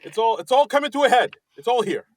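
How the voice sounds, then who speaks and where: A man from New Jersey co-hosting a casual comedy podcast, chatty and laughing often, halting on his words. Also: extremely high pitch, expressive, a little hiss or hum. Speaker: podcast co-host.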